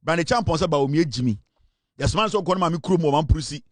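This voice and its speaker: A man with a Ghanaian accent delivers political commentary in an emphatic, dramatic way. His voice sits high for a man. The sound is dry and close, with no room around it. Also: lively intonation, racing, dry recording. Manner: emphatic, dramatic, mixes Twi and English.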